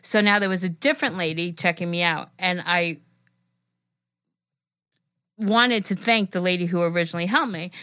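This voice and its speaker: A middle-aged woman telling a story in casual podcast chat, animated and profane, her mouth dry. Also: fairly low pitch, moderate pace, long pauses, clean tone. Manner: animated, profane, laughing often. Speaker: guest, mother telling a story.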